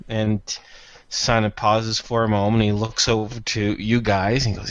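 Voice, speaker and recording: A man narrating as game master, rambling with frequent pauses and fillers. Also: on the low side, level tone, no room sound, dull audio. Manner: rambling, halting with fillers, laughing at himself.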